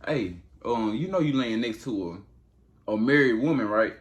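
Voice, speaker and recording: God speaks calmly and matter-of-factly in casual slang, as a man puts him on. The voice drops a little lower and softer than the narration, in a plain male register. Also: normal speed, lo-fi sound, lightly acted. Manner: calm, matter-of-fact, slangy. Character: God, calm and stern male deity.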